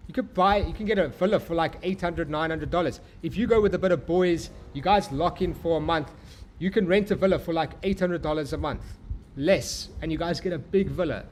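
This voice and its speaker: Hyped young man streaming, slightly high voice. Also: fairly quick, a little hiss or hum. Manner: hyped, profane, motivational, addresses chat as bro. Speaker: trading livestream host. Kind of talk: live-stream chat and pep talk.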